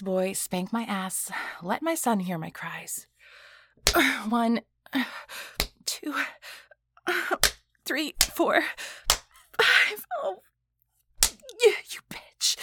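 A woman's voice: medium pitch, bright, forceful tone, heavily acted. A woman voicing a proud, defiant female boss and mother in an adult audio role-play, talking breathily and dropping into whispers. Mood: resigned. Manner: breathy, moaning, sudden whispers.

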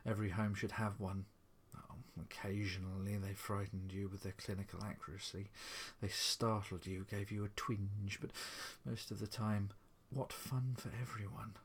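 A man narrating a story aloud in a measured, vivid reading. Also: on the low side, little pitch movement, a little hiss or hum.

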